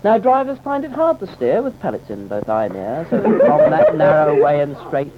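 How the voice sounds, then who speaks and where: A man's voice: on the high side, huge pitch swings, normal speed, a loud crowd. Man reciting mock-solemn comic verse. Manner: mock-solemn, theatrical delivery. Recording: dull, slightly noisy old recording.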